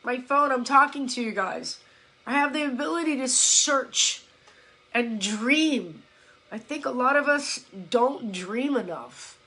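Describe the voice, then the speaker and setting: A woman's voice: high voice, expressive, slow, pushed and bright, poor audio. A woman fitness coach talking casually on a live stream, blunt and emphatic, swearing now and then and acting out her followers' complaints. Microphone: phone or laptop.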